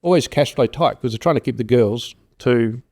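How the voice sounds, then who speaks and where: A man's voice: medium pitch, fairly quick. A middle-aged man, telling stories in a rambling, casual way as a farm consultant in an interview. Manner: rambling, animated storyteller who acts out quoted voices.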